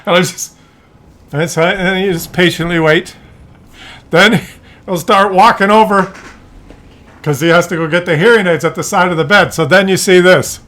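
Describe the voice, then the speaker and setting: A middle-aged man telling a family story in a casual vlog, animated and laughing often as he acts out voices. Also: high voice, moderate pace. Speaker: content creator.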